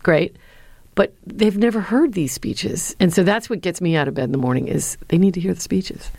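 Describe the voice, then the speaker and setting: Low-voiced woman, earnest storyteller. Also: moderate pace, gravelly, husky, dry recording. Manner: earnest, lively storyteller who acts out quotes. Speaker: former speechwriter and university lecturer. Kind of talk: interview answers, storytelling.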